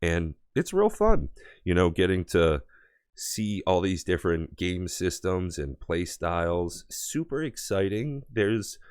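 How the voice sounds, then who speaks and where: An American man co-hosts a laid-back podcast from home over a remote call, rambling enthusiastically with plenty of fillers. His deep, smooth voice is slow, sing-song and somewhat dark, captured in a dry, clean studio-quality recording.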